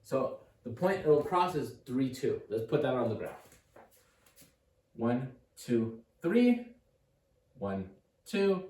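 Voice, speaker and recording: A man's voice: mid-range voice, very animated, slow pace, long pauses, a little mellow. A man giving a casual, upbeat math lesson at a board, thinking aloud and encouraging the viewer. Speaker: math tutor. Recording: echoey room, mic at a distance.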